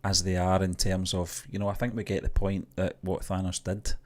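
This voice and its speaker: Lower-voiced man giving measured opinions. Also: monotone, darkish tone. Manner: measured, hedged opinions with fillers. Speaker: co-host of a movie news show. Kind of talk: casual podcast chat.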